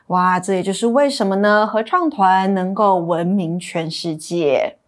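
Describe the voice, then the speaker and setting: A woman's voice: medium pitch, measured pace. A woman from Taiwan co-hosting an English lesson, explaining vocabulary in Mandarin and spelling words out. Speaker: English teacher co-host. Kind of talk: bilingual radio English lesson.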